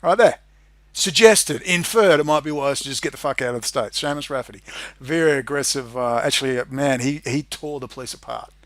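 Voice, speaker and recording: An Australian man giving an angry, swearing monologue. He drops into low muttering and then bursts into loud shouting. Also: fairly quick, no echo. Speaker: independent video maker.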